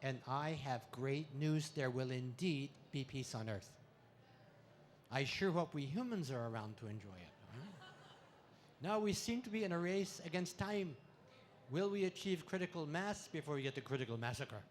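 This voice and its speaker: A man doing stand-up comedy on an expo stage, delivering puns in a playful way with sudden loud swells. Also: a little high, expressive, moderate pace, slight background noise. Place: expo stage before a live audience.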